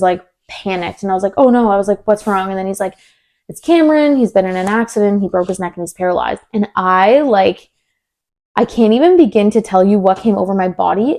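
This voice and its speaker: A young woman co-hosting a podcast, telling a story in casual chat, acting out quoted lines with many "like" fillers. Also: mid-range voice. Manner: animated, acts out quoted dialogue, many "like" fillers. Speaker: podcast co-host.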